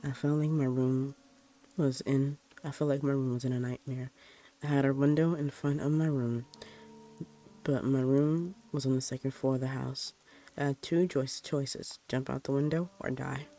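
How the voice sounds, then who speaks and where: Mellow-voiced man reading a horror story. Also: mid-range voice, fairly even intonation. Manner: plain, unhurried first-person narration.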